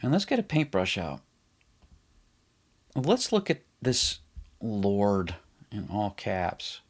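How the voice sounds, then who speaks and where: A middle-aged man teaches a casual online Bible lesson, chatting as he writes things out on the screen. His voice sits on the low side, with a sing-song lilt, a breathy edge and a slow pace.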